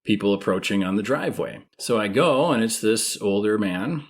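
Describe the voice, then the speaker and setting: A man's voice: lowish voice, expressive, moderate pace. A man in his thirties, a podcast co-host, telling a story in casual chat and acting out the quoted voices.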